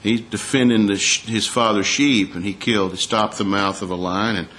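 Low-voiced man preaching a sermon. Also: fairly even intonation, fairly bright tone. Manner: conversational preaching with rhetorical questions to the congregation; reads scripture aloud in a slower, raised voice.

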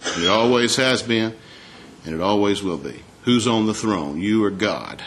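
A man preaching a sermon in a conversational way, asking the congregation rhetorical questions and reading scripture aloud more slowly. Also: fairly low pitch, a bit bright, a little hiss or hum. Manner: reads scripture aloud in a slower, raised voice.

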